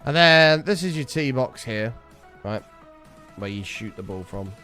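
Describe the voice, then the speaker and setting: A young man chats on his livestream in a loose, rambling way, swearing as he goes. His pitch swings up and down with lively energy while faint music plays underneath. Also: a little slow. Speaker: streamer. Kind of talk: casual livestream chat.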